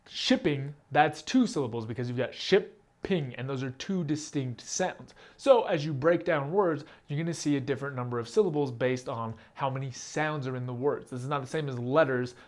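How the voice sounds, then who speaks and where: A man hosting his own channel, explaining a rap technique step by step in a plain, direct, casual way. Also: mid-range voice. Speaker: rap teacher and channel host. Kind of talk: casual instructional talk to camera.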